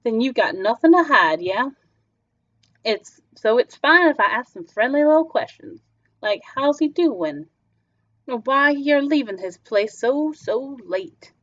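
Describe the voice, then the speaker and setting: A woman's voice: on the high side, lively intonation, measured pace, no room sound. A woman doing a sneering, menacing male stranger. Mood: needling. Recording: slightly dull lo-fi recording. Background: faint music.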